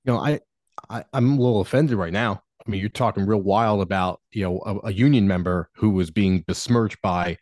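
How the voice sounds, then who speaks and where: A man with a lowish, darkish voice speaks a little fast in clean studio audio with no echo. Co-hosting a political podcast, he tells stories casually and ramblingly, packed with "you know" fillers.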